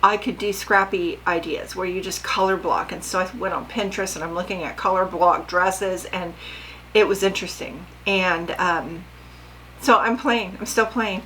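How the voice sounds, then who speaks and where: A woman's voice: fairly low pitch, steady tone, moderate pace, fairly bright tone, slight background noise, poor audio. An older woman vlogging casually about her sewing, chatty and rambling, often asking her viewers questions.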